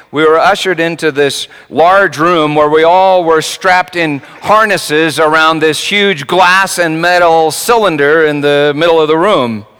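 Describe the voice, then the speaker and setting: A male preacher tells a story in his sermon, his voice high and bright and swinging widely in pitch. He moves from hushed, quiet moments to bursts of near-shouting, keeping the delivery animated and dramatic. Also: clear, resonant tone, long reverb tail.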